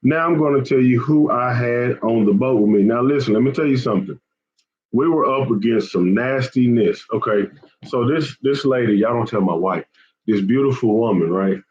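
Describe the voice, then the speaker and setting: A man's voice: mid-range voice, moderate pace, a little mellow, dull audio. A man hosting a fishing channel, chatting casually with viewers on a live stream. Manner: chatty, repetitive, often says man and y'all.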